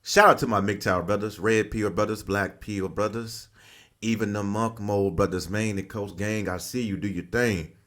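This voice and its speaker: A man's voice: lowish voice, fairly even intonation, normal speed, a bit bright. Slangy, laughing male host. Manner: loose, slangy, laughs often. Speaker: channel host. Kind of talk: casual reaction commentary.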